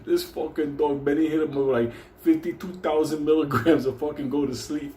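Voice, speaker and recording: A man's voice: a little high, steady tone, moderate pace, a little mellow. A man tells a story casually, swearing constantly and laughing as he talks. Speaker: storyteller host. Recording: echoey room with faint ambient noise.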